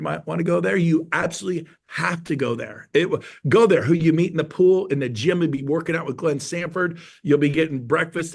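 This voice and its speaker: A man in his fifties from California, a real estate agent on a webinar panel, giving an excitable motivational pitch. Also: gravelly. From California, USA.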